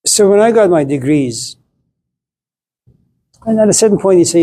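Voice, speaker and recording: A man's voice: a little high, animated, normal speed, long pauses, dark tone. A middle-aged man lecturing to a class, playful and acting out little scenes as he talks.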